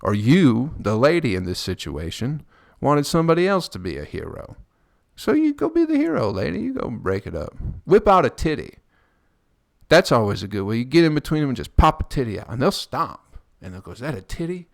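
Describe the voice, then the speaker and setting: A man's voice: huge pitch swings, brisk, gravelly, no echo. A man hosting a solo podcast, rambling crudely and joking with lots of swearing, speaking close to the mic. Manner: mimics people in high squeaky voices. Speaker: podcast host. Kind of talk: casual solo podcast monologue.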